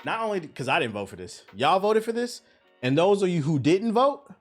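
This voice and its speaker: A man hosting a casual gaming news show, telling stories in a profane, animated way. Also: high-pitched, fairly quick, soft background music.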